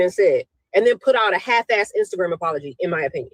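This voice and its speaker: A woman's voice: mid-range voice, animated, fast, no echo, poor audio. A woman co-host giving emphatic, opinionated commentary and repeating her points.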